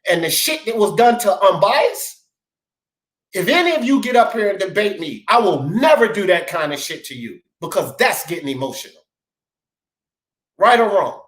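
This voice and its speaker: A man's voice: sits high, very animated, normal speed, fairly bright tone. Worked-up guy hosting a sports talk show, voice jumping all over, echoey room, cussing a lot. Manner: fired-up, profane, emphatic, repeats "bro" and "dog". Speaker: host. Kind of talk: heated sports talk debate. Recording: roomy echo.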